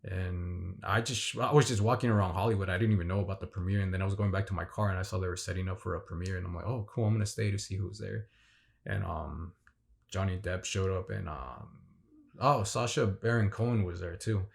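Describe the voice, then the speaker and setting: A man's voice: low-pitched, fairly even intonation, a little fast, gravelly. A man recounting a fan signing event in a rambling, enthusiastic casual vlog, full of fillers and restarts. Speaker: vlogger.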